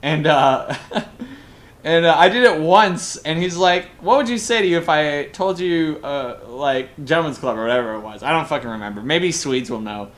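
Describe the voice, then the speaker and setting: A young man from Colorado, a game caster telling rambling, excited stories between plays in casual chat, with frequent swearing. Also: a little high, moderate pace. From Colorado, USA. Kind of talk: casual storytelling during a game broadcast.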